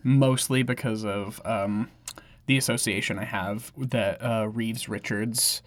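A woman's voice: very deep voice, steady tone, slow. A woman co-hosting a podcast in casual chat, often restarting her sentences and laughing easily. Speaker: podcast co-host.

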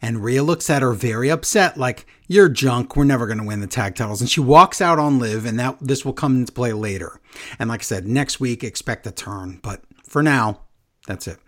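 A man casually recapping wrestling events for a co-host, acting out quotes with big jumps in his voice. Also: normal speed. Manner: animated storyteller, acts out quotes with big pitch jumps. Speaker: podcast co-host.

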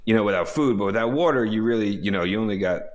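A man with a fairly low voice talks in a relaxed, measured way, pausing often with fillers as he tells a story. The tone is casual and conversational.

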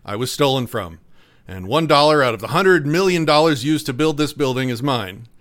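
A man doing a low, baffled debater voice. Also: moderate pace, lightly acted. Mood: stubborn. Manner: stubborn, then flatly confused.

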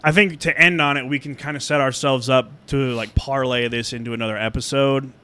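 Animated swearing podcast guy. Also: mid-range voice, a little fast, smooth. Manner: animated, swearing, acting out imagined dialogue. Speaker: podcast co-host. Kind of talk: casual podcast chat.

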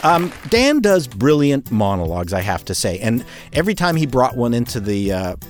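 A man's voice: medium pitch, big pitch swings, normal speed, a crowd in the background. Man introducing a comedy sketch. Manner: enthusiastic introduction with restarts. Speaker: comedy writer. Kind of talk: casual chat.

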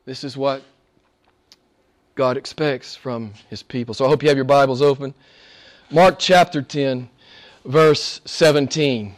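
A male pastor preaching a sermon, emphatic, swinging between loud exclamations and hushed asides. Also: medium pitch, fairly even intonation, unhurried, long pauses.

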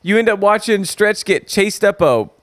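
A man's voice: high-pitched, expressive, no echo, studio quality. A man, co-hosting a podcast, casually recapping a movie's plot and laughing often. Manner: laughs often, rushes when summarizing. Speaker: podcast co-host.

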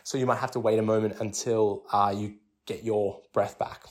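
A man's voice: fairly low pitch, level tone, normal speed. A young man hosting a fitness podcast, explaining training in a chatty, casual way full of restarts and filler words. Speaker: podcast host.

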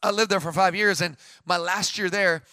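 Male pastor, thirties, high bright voice, dry mic, lively preaching rhythm. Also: moderate pace, no room sound. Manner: energetic, repetitive preaching cadence; swings between loud declarations and hushed storytelling. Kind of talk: sermon.

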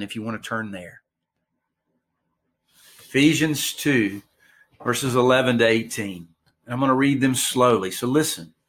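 A man preaching a sermon to his church, reading scripture slowly and pausing for emphasis. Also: mid-range voice, a bit bright. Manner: slow, deliberate preaching with emphatic pauses. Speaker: pastor.

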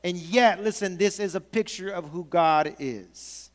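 A man preaching a sermon as pastor, conversational and animated, telling stories with casual asides. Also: sits high, measured pace, big-room sound.

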